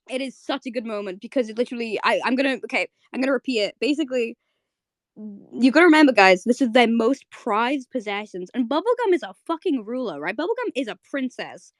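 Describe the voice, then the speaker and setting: A woman hosting a live audio chat, casually retelling a cartoon episode as an excited fan who keeps asking "right?". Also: on the high side, fast, dry recording. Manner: chatty, fan-excited, many fillers and "right?".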